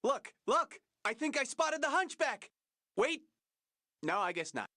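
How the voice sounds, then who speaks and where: A woman's voice: high-pitched, measured pace, no room sound, studio quality, full character voice. A woman voicing an eager young female detective in a video game, curious and joking. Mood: playful. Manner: enthusiastic, lively, joking. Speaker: game character, detective partner.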